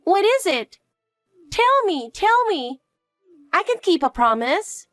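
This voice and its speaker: A woman voicing a timid, clingy little girl who asks and pleads in a high, eager voice. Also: big pitch swings, slow pace, a bit bright, no echo, faint music behind, full character voice. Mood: pleading.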